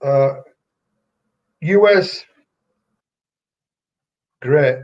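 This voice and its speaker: An older man from England, a former wrestler telling stories in an interview, halting and rambling with many fillers. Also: mid-range voice, a little mellow. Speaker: retired pro wrestler, guest. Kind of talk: casual interview storytelling. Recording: dull lo-fi recording.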